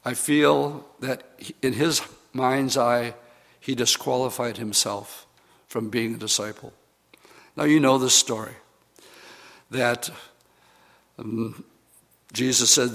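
Gravelly-voiced man preaching a sermon. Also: mid-range voice, fairly even intonation, a little slow, a bit bright. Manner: conversational storytelling preaching with fillers.

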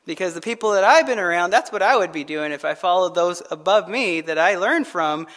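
A man preaching a sermon as pastor, in a conversational, animated storytelling manner that acts out quotes. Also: high-pitched, fairly quick.

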